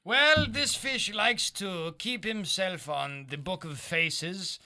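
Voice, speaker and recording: A man's voice: high voice, takes it slowly, sharp tone, heavily acted. A comedian putting on a French accent as a theatrical, grandiose Frenchman, speaking in formal, florid phrases. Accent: French (put on). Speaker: comedian guest. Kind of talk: improvised comedy podcast. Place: comedy club podcast room.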